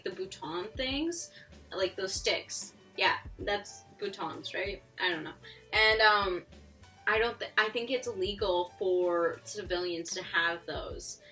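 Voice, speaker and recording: Woman vlogger, chatty storyteller, bright tone, a bit off-mic, faint music under. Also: medium pitch, a little slow, recorded from a distance. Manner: chatty, laughs often, fillers like "like". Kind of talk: casual storytime. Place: home near a busy road.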